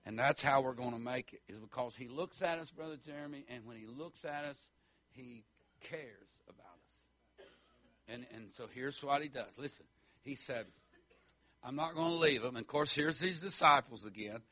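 A middle-aged man, preaching a fiery country sermon with folksy asides that swell into shouting. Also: mid-range voice, moderate pace.

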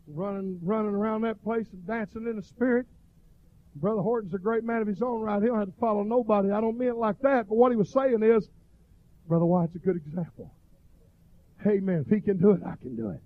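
A middle-aged man preaching a fervent revival sermon that swells into shouted cries. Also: sits high, brisk, pauses often. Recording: dull lo-fi recording.

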